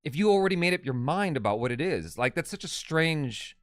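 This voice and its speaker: A man's voice: fairly high pitch, big pitch swings, fairly quick, no echo, studio quality. A man co-hosting a casual live stream, reading viewer comments aloud and reacting. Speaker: co-host reading live chat.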